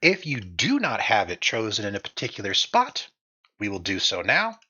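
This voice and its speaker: A man narrating a tabletop game as game master, goofy and animated, laughing between lines. His voice is husky and bright and swings widely in pitch. The mic sounds a bit dull and lo-fi. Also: moderate pace.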